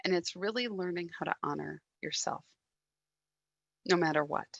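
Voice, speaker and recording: A woman giving a reflective sermon, speaking gently with soft pauses and quiet moments. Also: lowish voice, creaky, no room sound, highs cut off. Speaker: guest speaker at a church service.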